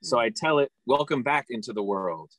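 A man reads his own poem aloud to a workshop over a video call. His mid-range voice is dry and close, and he takes each line in a measured, deliberate way. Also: medium pitch, animated, fairly bright tone, no room sound, poor audio. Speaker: workshop participant.

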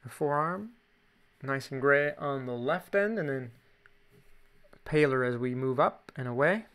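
A man's voice: medium pitch, animated, unhurried, a bit bright, clean tone. A man with a Canadian accent, chatting casually through a drawing tutorial with jokey asides. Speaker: drawing teacher.

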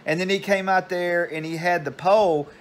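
Older guy, slightly high voice, rambling anecdote with many asides. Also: fairly even intonation, moderate pace. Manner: meandering, digressive. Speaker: storyteller.

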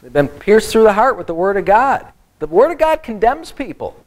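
Animated male preacher, lively pitch. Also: normal speed, low-quality recording. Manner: animated, joking asides to the congregation. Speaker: pastor. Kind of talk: Bible study sermon.

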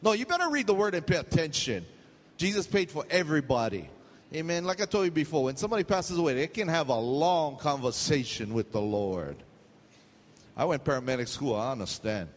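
Middle-aged man, Hawaiian accent, pastor's sermon, joking storyteller, fairly high voice, long hall reverb. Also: big pitch swings, a little fast. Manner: storytelling, jokey, loose pidgin asides.

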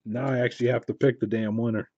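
Mellow-voiced man opening cards. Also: fast talker, vocal fry, no echo, highs cut off. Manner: muttering to himself, mixing low asides and excited call-outs. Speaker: card break host. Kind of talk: casual live card-break commentary.

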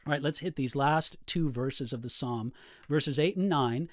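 A man's voice: mid-range voice, normal speed, no room sound, studio quality. A middle-aged man, a pastor, earnestly explaining his Bible study notes and reading scripture aloud in a reflective way.

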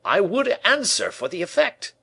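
A man voicing an excitable, vexed male court painter who cries out his protests. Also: moderate pace, creaky, breathy edge, heavily acted. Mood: eager. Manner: high, cries out eagerly.

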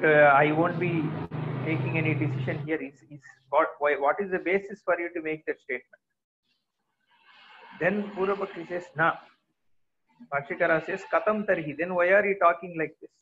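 Male scripture teacher, slightly raised pitch, explanatory and probing, tinny phone-grade audio. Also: a little hiss or hum. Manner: explains Sanskrit text in plain English, asks "correct?". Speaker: Vedanta teacher. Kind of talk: scriptural commentary lecture. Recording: phone-like narrow sound.

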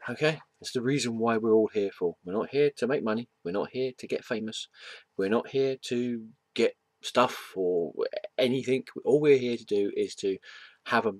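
A man's voice: mid-range voice, moderate pace, a little mellow, no echo. A man chatting casually at home about comics, rambling with many fillers, restarts and self-deprecating asides. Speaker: comic book vlogger. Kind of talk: casual vlog chat. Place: home room.

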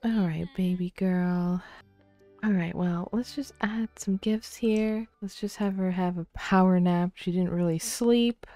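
Soft-spoken woman narrating a life sim. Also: on the low side, steady tone, unhurried, dry recording, soft background music. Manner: soft-spoken, often half-whispering. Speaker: let's play creator. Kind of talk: casual gameplay commentary.

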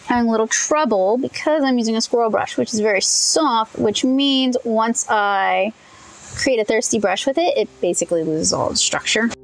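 A young woman from Louisiana, chatting casually as she paints, thinking out loud and correcting herself as she goes. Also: fairly high pitch, moderate pace, vocal fry, rough recording. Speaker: comic artist testing paints.

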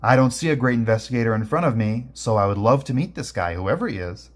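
A man's voice: medium pitch, expressive, fast talker, natural voice. A man voicing a huffy police superior who answers sarcastically. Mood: sarcastic.

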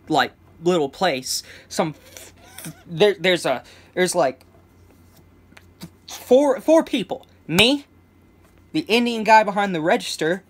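A young man telling a casual storytime vlog, rambling with many restarts and stammers, chuckling between phrases. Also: sits high. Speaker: vlogger.

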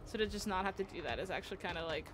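A woman's voice: lowish voice, rapid-fire. Giggly woman streamer chatting while she plays, music going behind her. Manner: chatty, giggly, reacts out loud. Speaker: game streamer. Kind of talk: casual live-stream commentary.

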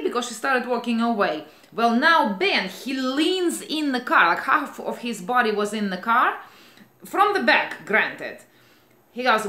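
A middle-aged woman with a Russian accent, a rideshare driver telling a story in an animated way and acting out the dialogue. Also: fairly high pitch, a little slow. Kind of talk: storytelling vlog. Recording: roomy echo.

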